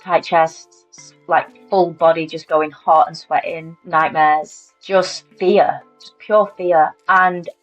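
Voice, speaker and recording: A British woman in her thirties tells her own story in a candid, matter-of-fact interview, her voice sitting on the lower side. The audio is a little dull and lo-fi, with faint music underneath. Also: fairly even intonation, slow pace, hardly any pauses. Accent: British English. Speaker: interview guest.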